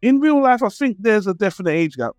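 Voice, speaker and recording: A man's voice: sits high, expressive, fairly quick, a little mellow, smooth, no room sound, clean studio sound, faint music behind. A man with a British accent, co-hosting a film podcast in a laid-back, casual chat that is peppered with swearing. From Britain. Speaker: podcast co-host.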